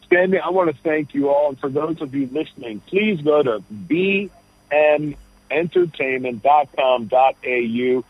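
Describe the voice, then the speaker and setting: A comedian guest calls in from an airport and tells rambling stories, restarting often as he goes. His voice is a little high and a little slow with a breathy edge. The phone line sounds dull and dry.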